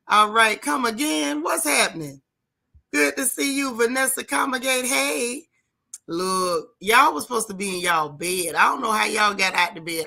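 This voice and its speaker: Gravelly, bright-voiced woman livestream host. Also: a little high. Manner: warm, chatty, Southern-Black-American vernacular, stretches greetings. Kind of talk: casual livestream chat greeting viewers.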